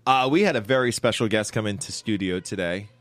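A man's voice: on the low side, fairly quick, no echo, faint music behind. A man in his thirties co-hosting a podcast, chatting casually and laughing as he tells stories. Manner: laughing, animated storytelling. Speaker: podcast co-host. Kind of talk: casual chat.

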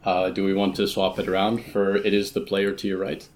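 A man's voice: low-pitched, a little fast, slight background noise. A man playing a tabletop game, explaining the rules casually. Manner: lively, breaks into laughs.

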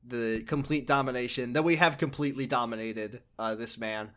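Man, podcast host, casual game recap, rambling, swearing, hesitant, mid pitch. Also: brisk, fairly bright tone.

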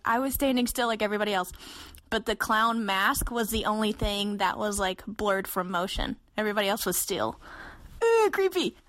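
A woman in her twenties, a podcast co-host, telling a story in a casual, animated way and acting out the voices she quotes. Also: dry recording. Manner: animated, acts out quoted voices with big jumps in pitch.

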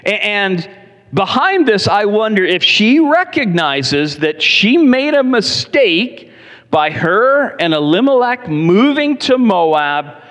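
Animated preaching man in a reverberant church. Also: sits high, takes it slowly. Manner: animated storytelling, addresses the congregation directly. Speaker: pastor. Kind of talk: sermon. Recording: long reverb in a large hall.

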